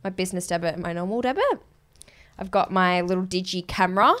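A young Australian woman co-hosting a podcast in relaxed, chatty conversation, laughing easily. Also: on the low side, fast talker. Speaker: podcast co-host. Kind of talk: casual chat.

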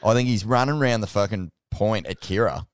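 A man's voice: on the low side, lively intonation, a little fast, smooth, no room sound, studio quality. A man hosting a casual chat, telling stories animatedly and swearing freely. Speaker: podcast host.

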